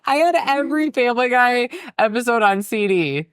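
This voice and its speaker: A woman's voice: fairly high pitch, animated, moderate pace, clear, resonant tone, dry recording, studio quality. A woman hosting a podcast in casual chat, giggly, playful and teasing. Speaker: podcast host.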